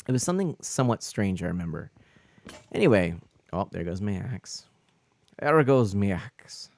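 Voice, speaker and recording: A man's voice: mid-range voice, gravelly, darkish tone, no echo. Chatty man streaming a game, dry sound. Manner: rambling, answers chat, many fillers and restarts. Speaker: live streamer. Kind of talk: casual live-stream chat while playing.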